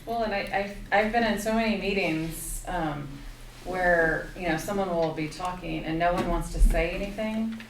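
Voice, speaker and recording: A woman's voice: lowish voice, normal speed, background noise. A woman hesitantly sharing her thoughts in a workshop group discussion, with many fillers and restarts. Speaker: workshop participant. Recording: distant, echoey room mic.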